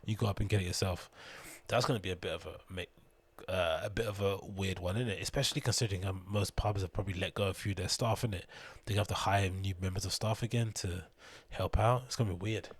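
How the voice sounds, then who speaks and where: Guy doing a loose rambly podcast, deep husky voice, swears a lot. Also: fast, hardly any pauses, no room sound. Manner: rambling, swears freely, laughs at the news. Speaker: podcast host. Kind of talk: casual rambling commentary.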